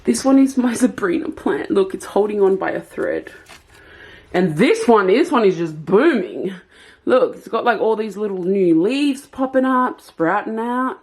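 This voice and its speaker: A woman's voice: medium pitch, animated, measured pace, a little mellow. A chatty young woman vlogging casually from her bedroom at home, rambling through her plans and purchases. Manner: chatty, rambling, self-aware. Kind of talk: casual vlog chat.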